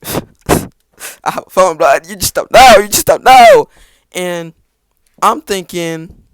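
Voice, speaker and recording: A man's voice: a little high, clear, resonant tone, dry recording. A teenage boy telling a rambling personal story on his podcast, with restarts and sarcastic asides. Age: teens. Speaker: podcast host. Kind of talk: casual storytelling.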